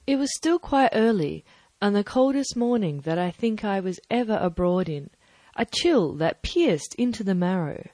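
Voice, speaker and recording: A woman narrating a classic adventure novel aloud, measured and even. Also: medium pitch, no room sound. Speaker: audiobook narrator. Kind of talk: scripted narration.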